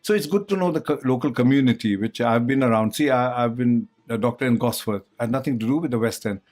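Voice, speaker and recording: A man's voice: mid-range voice, quick pace, darkish tone. A man hosting a conversation, chatting casually and rambling between points. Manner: chatty, rambling, frequent uh fillers. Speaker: host. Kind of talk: casual chat.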